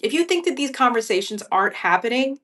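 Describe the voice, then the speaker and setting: A woman's voice: on the high side, animated, fast, a bit bright. A woman guest in a casual political chat over a video call, earnest and emphatic. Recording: distant mic.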